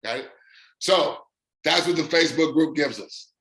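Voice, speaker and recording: A man with a fairly high voice talks to his online community in an unscripted live stream. He hammers his points home in short repeated lists and stretches out the words he wants to land. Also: moderate pace, fairly bright tone. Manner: emphatic, repeats phrases in punchy lists. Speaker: host of an online business community.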